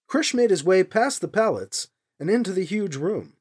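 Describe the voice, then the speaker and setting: Husky-voiced woman narrating expressively. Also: mid-range voice, moderate pace, few pauses. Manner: expressive storytelling. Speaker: audiobook narrator. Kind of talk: scripted narration.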